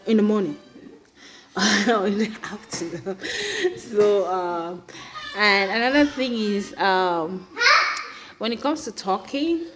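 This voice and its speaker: A chatty Cameroonian woman in her thirties talks straight to her viewers, mid-pitched and unhurried, tossing in "right?" and easy laughs. The recording carries a steady background hiss with occasional clicks. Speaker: vlogger. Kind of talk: casual personal vlog.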